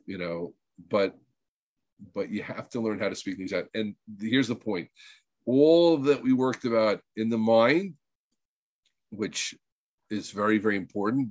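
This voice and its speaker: A man's voice: on the low side, no echo. Man, informal religious teacher, earnest, repeats himself, dry sound. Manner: earnest and emphatic, peppered with Hebrew terms; rambling with frequent restarts. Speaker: teacher leading a weekly group session. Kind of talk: informal spiritual talk.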